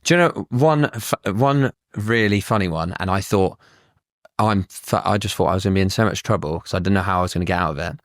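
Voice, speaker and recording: A man's voice: sits low, fairly quick, no room sound, clean studio sound. A man, a surveyor, telling blunt anecdotes in casual podcast chat and swearing freely.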